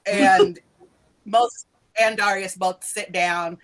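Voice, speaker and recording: Speaking extremely slowly with a medium-pitched, steady voice, a woman serves as game master for a tabletop role-playing game. Her narration is loose and chatty, full of "like" and laughs.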